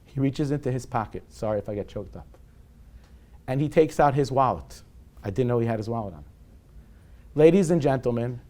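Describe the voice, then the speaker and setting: Animated storytelling rabbi, a man in his forties. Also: medium pitch. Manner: animated storytelling, sprinkled with Yiddish and Hebrew terms; warm and self-deprecating, with humor. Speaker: rabbi giving a public talk on parenting. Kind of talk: lecture to a live audience.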